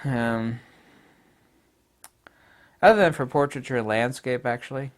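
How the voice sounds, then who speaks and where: A man's voice: animated, unhurried. Blunt, jokey man reviewing cameras. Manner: blunt, jokey, swings from loud outbursts to low mutters. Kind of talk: off-the-cuff video review.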